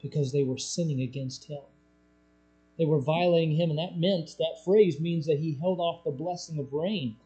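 A man preaching a sermon, moving between soft, low explanation and loud, raised-pitch pleading. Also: moderate pace, low-quality recording. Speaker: pastor. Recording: mains hum behind voice.

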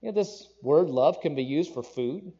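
Mellow animated man preaching. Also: a little high, moderate pace, husky, dull audio. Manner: animated, conversational preaching with asides and jokes. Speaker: pastor. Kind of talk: sermon.

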